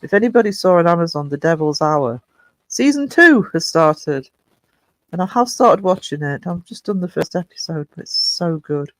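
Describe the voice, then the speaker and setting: A man's voice: fairly high pitch, lively intonation, moderate pace, no room sound. A man hosting a livestream in casual chat, reading out viewer comments and greeting people by name. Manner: chatty, reads viewer comments aloud and greets them. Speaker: livestream host.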